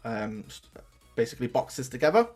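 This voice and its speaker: A man's voice: medium pitch, sing-song, fairly quick, soft background music. A young man, chatting casually as a guest on a streaming podcast and swearing now and then.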